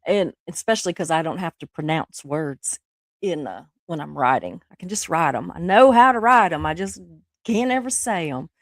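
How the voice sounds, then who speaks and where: A woman's voice: low-pitched, expressive, normal speed, no echo, studio quality. Chatty woman with the flu. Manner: rambling, chatty, laughs often, reads chat aloud. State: sick with the flu. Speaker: livestream host. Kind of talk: casual chat with live viewers.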